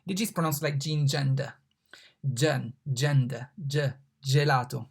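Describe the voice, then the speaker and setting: In an online Italian lesson, a teacher slowly and patiently sounds out letters and repeats words. The voice sits in the mid range and comes across creaky and husky.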